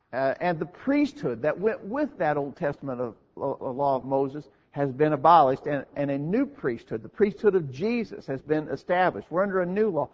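A man preaches a sermon in an earnest, teaching manner, posing questions and answering them himself. His voice is husky and a little high for a man. The recording sounds dull and lo-fi.

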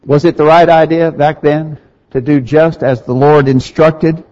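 A man's voice: fairly high pitch, flat delivery, unhurried, a little mellow. A man preaching a sermon, asking rhetorical questions and reading scripture aloud with rising emphasis. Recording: dull sound with long reverb in a hall.

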